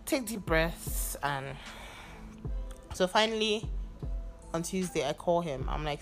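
A young Nigerian woman hosting her own podcast, venting in an exasperated, animated way and swearing now and then. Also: low voice, normal speed, pauses often, faint music behind. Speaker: podcast host. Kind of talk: casual solo venting monologue.

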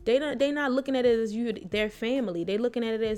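A woman's voice: on the high side, fast, background noise. Blunt young woman telling a raw story. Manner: blunt, swears freely, acts out quotes of nurses and herself. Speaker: podcast co-host. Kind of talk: candid personal storytelling.

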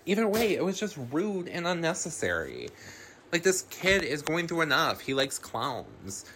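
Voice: medium pitch, very animated, normal speed, a bit bright, a little hiss or hum. A podcast host giving a casual film recap, rambling with lots of fillers and swearing freely.

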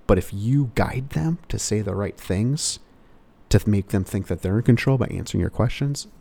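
Rambling man with a mellow voice. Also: on the low side, moderate pace, vocal fry. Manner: rambling, full of "you know" fillers. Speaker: car salesperson. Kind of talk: casual sales advice monologue.

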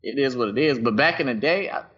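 Bright-voiced man on lo-fi call. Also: mid-range voice, quick pace, husky. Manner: loose and rambling, heavy slang and swearing. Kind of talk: casual profane group chat. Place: at home on a group call. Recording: dull lo-fi call audio.

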